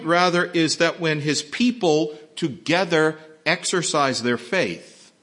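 A man's voice: on the high side, fairly bright tone, husky. A man preaching a sermon, explaining a Bible passage with emphatic rhetorical questions. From not from Texas. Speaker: pastor.

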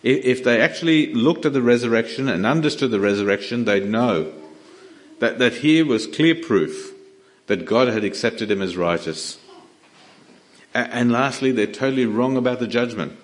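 A man's voice: medium pitch, animated, normal speed. A man preaching a sermon in an earnest, emphatic way, often restarting his words.

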